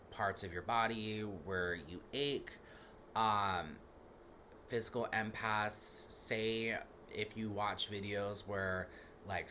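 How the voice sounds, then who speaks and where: A man's voice: lowish voice, bright, forceful tone, a little hiss or hum. A man giving a casual, rambling talk as a spiritual teacher, full of fillers, who laughs now and then while telling stories.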